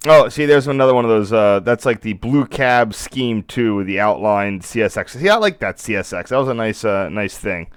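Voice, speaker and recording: This live-stream host's fairly low, resonant, clear voice is animated, at normal speed with hardly any pauses, yet a little worn as he loses his voice. His casual commentary rambles, cuts off mid-thought and includes the odd apology. There's no room sound.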